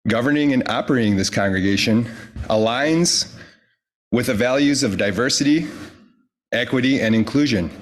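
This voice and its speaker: A man slowly reading a prepared church statement to a congregation, with deliberate pauses and emphasis. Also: mid-range voice, fairly bright tone.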